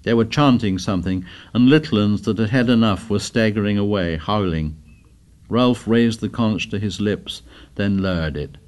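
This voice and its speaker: A man narrating a story in a measured, dramatic reading. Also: fairly low pitch, darkish tone. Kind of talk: scripted narration.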